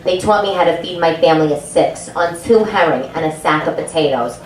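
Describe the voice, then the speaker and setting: A blunt, shrewd old immigrant grandmother, put on by a woman comic with a New York accent, talking flat and matter-of-fact. The voice sits a bit lower than the comic's own. It rings in an echoey club room, heard from a distance. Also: brisk, slight background noise, natural voice.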